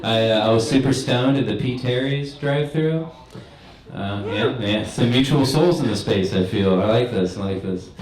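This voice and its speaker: A man's voice: mid-range voice, normal speed, darkish tone, roomy sound, rough recording. A young man doing a stand-up set in a comedy club, telling stories in a laid-back, rambling way. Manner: laid-back stoner storytelling.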